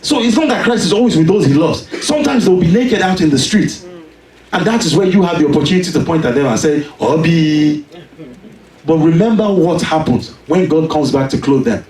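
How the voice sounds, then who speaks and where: Male preacher, high-ish voice, storytelling sermon, caught from a distance in a reverberant church. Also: brisk. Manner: animated storytelling, rising to emphatic shouts.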